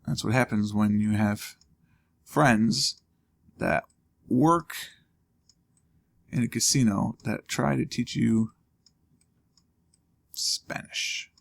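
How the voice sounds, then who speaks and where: Gravelly man mulling over a game. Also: lowish voice, very slow, pauses often. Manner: thinking aloud, wry asides. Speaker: let's play host. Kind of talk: casual gameplay commentary.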